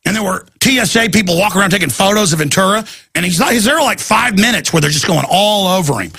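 A man's voice: high voice, animated, quick pace, vocal fry, pushed and bright, slightly rough, dry recording, studio quality. A man hosting a talk show, rambling through a casual monologue with restarts and acted-out quotes.

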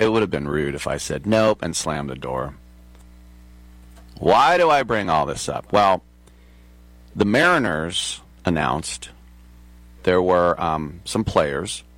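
Deep-voiced man rambling on air. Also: a bit bright, no echo. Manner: chatty, digressive, laughs at his own asides. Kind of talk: casual rambling monologue.

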